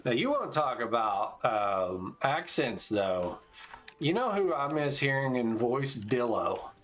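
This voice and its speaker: Laid-back male game streamer in his 40s, mid-range voice, relaxed tactical chatter over faint music. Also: medium pitch, takes it slowly. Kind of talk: casual gameplay commentary.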